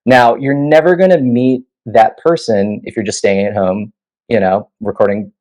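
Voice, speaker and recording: A musician in his thirties appears as a guest, telling animated stories casually and filling them with "you know" and "like." He speaks at a moderate pace in a mid-range voice, and the recording quality is low.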